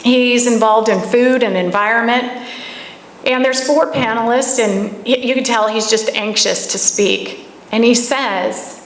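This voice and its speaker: Higher-voiced woman speaking in an echoey room. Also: steady tone, a little slow. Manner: storytelling, asks the audience pointed questions. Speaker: speaker at a camp gathering. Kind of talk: live talk to an audience. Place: echoey room before a live audience. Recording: echoey room with faint background noise.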